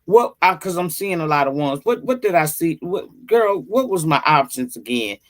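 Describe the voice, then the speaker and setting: A woman hosting a casual livestream, greeting viewers by name and chatting in a profane, drawn-out way. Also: fairly low pitch, lively intonation. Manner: slow, drawn-out delivery. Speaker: livestream host.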